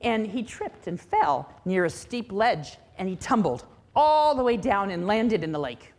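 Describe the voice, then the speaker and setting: A woman's voice: mid-range voice, very animated, a little slow, darkish tone. A woman minister giving a sermon, telling a story expressively, then teaching reflectively.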